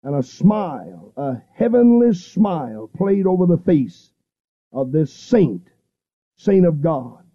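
Middle-aged male radio evangelist, high voice, emphatic repetitive delivery, muffled vintage broadcast quality. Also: very animated. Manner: fervent, repetitive preaching with emphatic pauses. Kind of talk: radio sermon. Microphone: studio microphone, seated.

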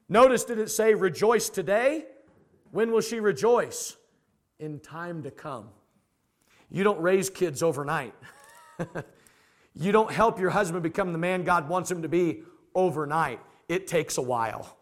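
Animated high-voiced male preacher. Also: normal speed. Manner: animated, acts out quoted voices; folksy, plain-spoken. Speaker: pastor. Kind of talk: sermon.

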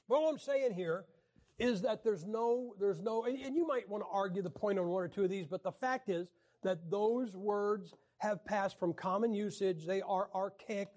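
A man teaching a Bible class in a wry, joking lecture style, often clearing his throat. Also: sits high, a little mellow.

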